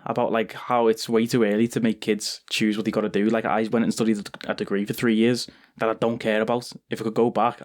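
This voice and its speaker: A young man hosting an anime reaction video, talking casually and excitably with lots of slang and fillers. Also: on the low side. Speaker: anime reaction channel host.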